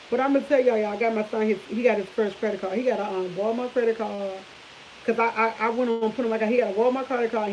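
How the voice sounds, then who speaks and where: A woman's voice: a little high, darkish tone. A woman, telling stories to her viewers in a rambling, chatty way with frequent laughs and restarts. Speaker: vlog host. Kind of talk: casual storytelling chat to viewers. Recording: dull lo-fi audio with faint hiss.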